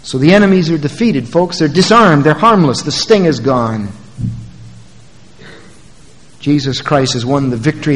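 Pria pengkhotbah bersuara agak tinggi, bergema. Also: male voice, in a large hall, poor audio. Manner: swings from quiet and low to loud emphatic preaching. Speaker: preacher. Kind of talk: sermon.

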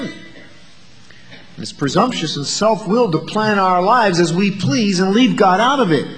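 A man preaching a sermon, asking the listeners rhetorical questions and moving between loud, emphatic lines and quiet asides. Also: on the high side, in a large hall.

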